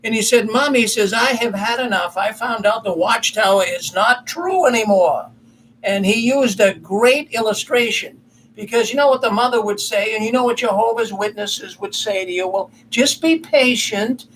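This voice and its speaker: Brief: man with a fairly high voice, folksy, rambling commentary host, faint noise behind. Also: normal speed, a bit bright, poor audio. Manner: rambling, folksy, self-correcting storyteller. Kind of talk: casual commentary monologue.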